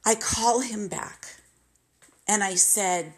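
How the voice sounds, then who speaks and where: A woman's voice: mid-range voice, sing-song, extremely slow. A middle-aged woman telling a candid, emotional personal story on her podcast and acting out the people in it. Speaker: podcast host.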